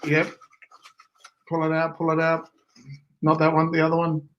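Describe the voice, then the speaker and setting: A man's voice: on the high side, monotone, normal speed, muffled recording. A man co-hosting a giveaway livestream, joking and playful in casual chat. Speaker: co-host.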